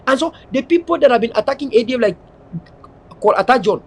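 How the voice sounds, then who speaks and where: A man's voice: very high-pitched, animated, fast, husky. A man from Southern Cameroons with a Cameroonian English accent, delivering an impassioned, lecturing monologue with heavy repetition. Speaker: political activist speaker.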